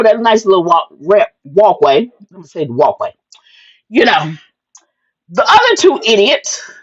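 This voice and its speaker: A woman hosting a wrestling recap show, telling the action in a sassy, lively way with plenty of "honey" asides and acted-out quotes. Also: medium pitch, husky, muffled recording. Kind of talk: excited casual wrestling recap.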